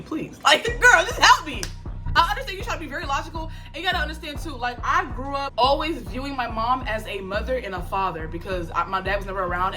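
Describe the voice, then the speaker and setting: A young woman telling a story to her viewers in a casual, slangy, animated way. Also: high-pitched. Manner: animated, slangy, frequent laughs and acted quotes. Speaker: storytime vlogger. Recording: background music under the voice.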